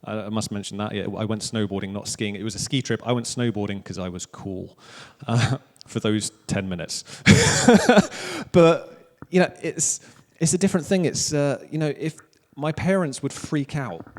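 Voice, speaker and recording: A man in his thirties with a Welsh accent, preaching a relaxed sermon with jokes at his own expense. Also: fairly low pitch, moderate pace. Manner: casual, joking, self-deprecating preaching. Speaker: pastor. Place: church hall. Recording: long church hall reverb.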